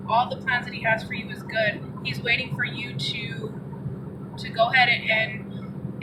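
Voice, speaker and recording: A young woman vlogger giving an earnest, encouraging faith talk from inside a car, often repeating her phrases. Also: a little high. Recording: distant muffled mic with loud car noise.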